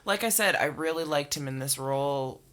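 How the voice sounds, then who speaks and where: Bright-voiced chatty podcast co-host. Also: mid-range voice, a little fast. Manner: chatty and enthusiastic, trails off into fillers. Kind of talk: casual movie discussion chat.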